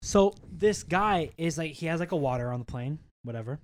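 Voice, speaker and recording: A young man co-hosting a podcast, telling stories in a casual, animated way and swearing often. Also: on the high side, fairly quick, a little hiss or hum. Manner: animated storytelling, swears a lot. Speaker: podcast co-host. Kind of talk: casual chat.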